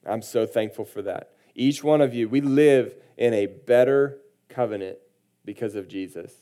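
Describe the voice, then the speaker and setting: A man delivering a sermon as a pastor. He reads scripture with emphasis and then talks it over in a conversational way. His voice is warm and mellow, at an ordinary pitch for a man. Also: normal speed.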